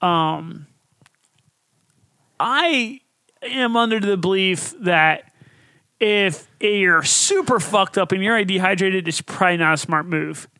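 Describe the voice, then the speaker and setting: A man with a high, bright voice co-hosts a casual podcast, cursing constantly and acting out stories with energy. The sound is dry and close, with no room in it. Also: slow pace, long pauses, no room sound. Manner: profane, animated storytelling. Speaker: podcast co-host. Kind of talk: casual chat.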